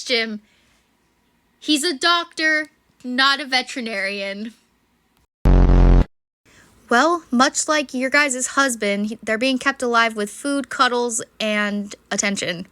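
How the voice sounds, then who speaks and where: Her voice a little high, this woman speaks slowly and pauses often while making a reaction video. The commentary is casual, sarcastic and chatty, full of swearing and laughter, over noticeable background noise.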